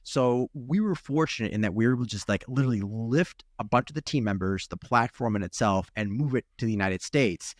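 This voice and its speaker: A man's voice: medium pitch, lively intonation, brisk, few pauses, no echo, clean studio sound. A man in his thirties from Ukraine with a Chicago accent, a startup chief talking in an interview, often restarting and adding "right?". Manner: lots of restarts and "right?" tags. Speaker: startup CEO guest. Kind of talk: interview conversation.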